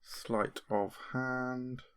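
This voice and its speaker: A man's voice: mid-range voice, flat delivery, drawn-out words, heavy background noise. A man playing a tabletop game, speaking hesitantly and evasively. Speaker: player.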